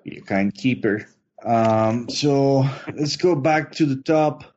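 A man running a tabletop horror game as game master, narrating slowly with many fillers and pauses. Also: medium pitch, a little mellow. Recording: dull lo-fi online voice chat.

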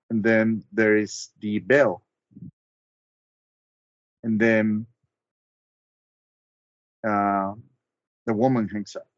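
Slow, measured game master man. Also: fairly low pitch, dry recording, muffled recording. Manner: measured, hesitant, with frequent ums. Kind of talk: narrating a tabletop game. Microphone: online voice call.

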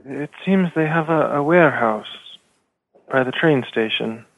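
A man playing a tabletop role-playing game, speaking politely and haltingly with fillers. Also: mid-range voice, gravelly, narrow, tinny audio. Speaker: player.

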